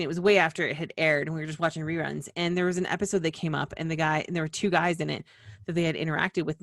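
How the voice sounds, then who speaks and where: A woman's voice: low-pitched, a bit bright, dry recording, clean studio sound. A woman hosting a small-business video, from the western United States, talking in a chatty, rambling way full of asides and restarts. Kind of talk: casual rambling explainer.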